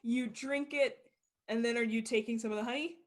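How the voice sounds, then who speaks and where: A woman's voice: fairly high pitch, fairly even intonation, fairly quick. A woman narrating as game master of a tabletop role-play, casual with many fillers.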